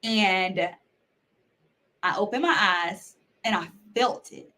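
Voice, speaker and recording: A woman's voice: mid-range voice, slow pace, pauses often, pushed and bright. Woman telling a story with acted-out quotes. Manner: earnest storytelling, acts out quoted voices. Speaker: podcast guest. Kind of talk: personal story in interview.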